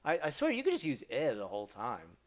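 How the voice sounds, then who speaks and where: A man casually chatting on a live stream, answering chat and joking around, often mimicking short phrases with exaggerated jumps in pitch. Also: wildly swooping pitch, fairly quick.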